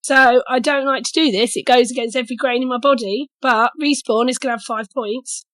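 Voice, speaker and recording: A woman's voice: fairly high pitch, fairly even intonation, fairly quick, a bit bright, dry recording. A woman co-hosting a podcast, judging a game in a teasing, mock-official way. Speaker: podcast co-host acting as judge. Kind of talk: casual podcast chat.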